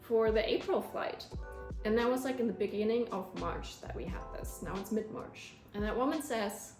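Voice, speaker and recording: A young woman vlogger telling her own story with animated feeling, with a turn of phrase. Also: a little high, moderate pace. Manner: emotional, animated storytelling, close to tears at times. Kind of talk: storytelling vlog. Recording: echoey room with faint music.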